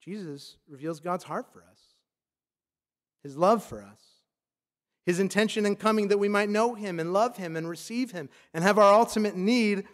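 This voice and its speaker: A man's voice: sits high, moderate pace. A man preaching a sermon as a pastor, emphatic and loose, often saying "like".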